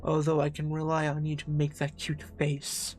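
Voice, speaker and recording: A man's voice: on the high side, monotone, normal speed, faint music behind, natural voice. A man voicing a cruel, mocking female demon who was once the hero's lover, in a game. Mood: taunting. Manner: taunting, mocking.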